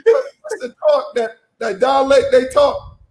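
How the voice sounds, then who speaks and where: A man from South Florida co-hosting a casual sports talk show, animated and joking, often exclaiming. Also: extremely high pitch, takes it slowly, roomy sound. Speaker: co-host.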